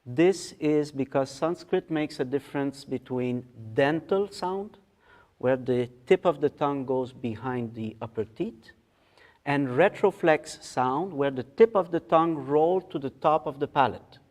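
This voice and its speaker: A man teaching in a meditation hall, patiently explaining how to pronounce a mantra step by step and chanting its words slowly. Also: a little high, darkish tone. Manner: patient, explains step by step, often checks in with "okay?". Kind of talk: guided mantra pronunciation lesson.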